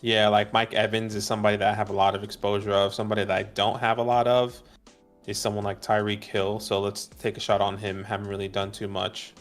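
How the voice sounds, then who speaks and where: Low-voiced joking man over music. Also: little pitch movement, quick pace. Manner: joking, easygoing, teasing. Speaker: co-host of a fantasy football stream. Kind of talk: casual live-stream chat.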